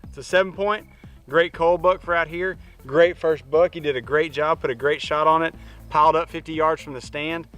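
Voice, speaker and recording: A man host presenting outdoors in the field, excited and full of praise. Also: a little high, normal speed. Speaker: hunting show host. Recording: music under field audio.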